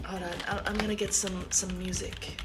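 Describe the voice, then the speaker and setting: A young woman streamer chatting softly and rambling on an ASMR live stream. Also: medium pitch, flat delivery, fairly quick. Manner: soft, rambling, giggly. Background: faint background music.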